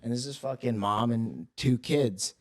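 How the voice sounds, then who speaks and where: A man's voice: medium pitch, unhurried. Profane young man telling a story. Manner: rambling, profane storytelling with lots of filler words. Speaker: podcast co-host. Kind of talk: casual chat.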